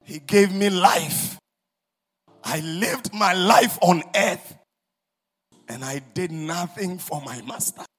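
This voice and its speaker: A man voicing a dying young man who pleads in anguish, with a husky voice that cries out loudly. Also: high voice, slow pace, long pauses, voice pushed up, full character voice.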